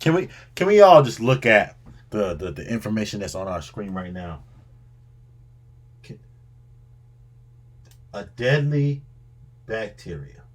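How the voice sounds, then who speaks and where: A husky man hosts a reaction video in an exasperated, scolding tone. His pitch leaps around with lively swings. He repeats lines and trips over his own words as he lectures. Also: measured pace, long pauses. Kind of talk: animated reaction commentary.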